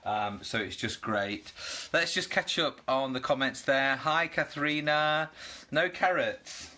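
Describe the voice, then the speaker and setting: A man's voice: medium pitch, measured pace, pushed and bright. A British man hosting a casual cooking live stream at home, chatting and greeting viewers by name. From United Kingdom.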